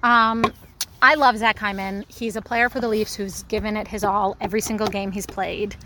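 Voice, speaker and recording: A woman from Toronto co-hosting a podcast in casual chat, talking in a chatty way with lots of fillers and quick exclamations. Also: medium pitch, fairly even intonation. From Toronto, Canada. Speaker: podcast co-host. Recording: clear background noise. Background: noise.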